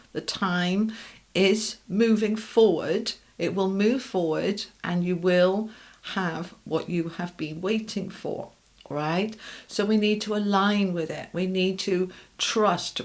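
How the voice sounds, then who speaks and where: A middle-aged woman giving a tarot reading. She is direct and reassuring, asks rhetorical questions and keeps checking in with "okay?" and "all right?". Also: lowish voice. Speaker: tarot reader. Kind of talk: tarot card reading to camera.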